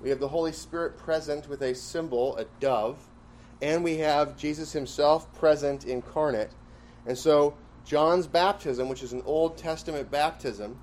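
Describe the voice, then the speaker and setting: A man's voice: mid-range voice, a little mellow, slight background noise. A man teaching a Bible class, who repeats key phrases for emphasis and puts questions to the class.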